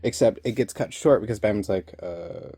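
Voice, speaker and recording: A man's voice: lowish voice, a little fast, dark tone, breathy edge, no echo. A young man casually recapping an episode, rambling and laughing often. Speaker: online reviewer.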